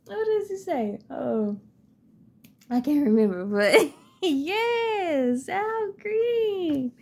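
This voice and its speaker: Gravelly lady doing a chill card reading, kinda high voice, keeps laughing and singing bits. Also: sing-song, very slow. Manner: laughs often, breaks into song. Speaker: tarot and oracle card reader.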